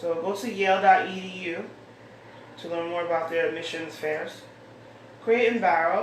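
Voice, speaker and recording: A woman's voice: on the low side, moderate pace, long pauses. A woman hosting her own show, chatting casually and rambling as she reads out mail she has been sent. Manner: rambling, chatty, thinks aloud. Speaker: host. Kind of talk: casual solo chat, reading out mail. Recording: echoey room, far from mic, faint hiss.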